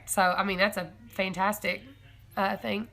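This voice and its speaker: Young woman chatting on a farm livestream, bright voice, rambly and excitable, giggles a lot. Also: medium pitch, measured pace. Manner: chatty and excitable, laughs often; rambling, self-correcting, thinking aloud. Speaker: homesteading live-stream host. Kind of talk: casual live-stream chat with viewers.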